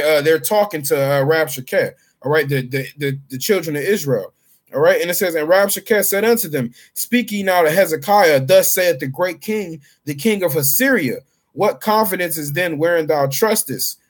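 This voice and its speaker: A man reading scripture aloud and paraphrasing it in casual, slangy street talk as a bible teacher. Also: sits high. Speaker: street preacher.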